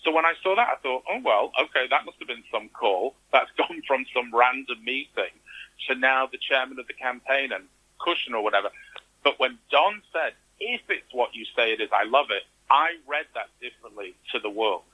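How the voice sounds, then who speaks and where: A man's voice: mid-range voice, lively intonation, normal speed, pushed and bright, rough recording. A man telling his story as an interview guest, animatedly acting out the reactions he quotes. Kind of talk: conversational interview.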